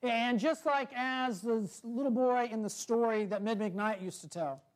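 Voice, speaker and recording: High-voiced preacher with a soft, measured delivery. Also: male voice. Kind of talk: sermon.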